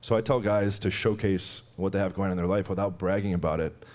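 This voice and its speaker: A man with a very deep voice who talks fast, appearing as a guest dating coach on a podcast. He explains his ideas in long run-on sentences full of fillers. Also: fairly even intonation, darkish tone. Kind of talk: casual podcast chat.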